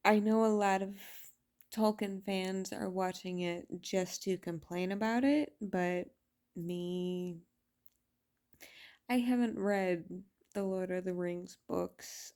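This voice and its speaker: A woman vents in a casual vlog, talking slowly and bluntly with plenty of swearing. Her voice is mellow and dark-toned, and her exasperation stays steady throughout. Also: medium pitch, clear, resonant tone. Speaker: video reviewer.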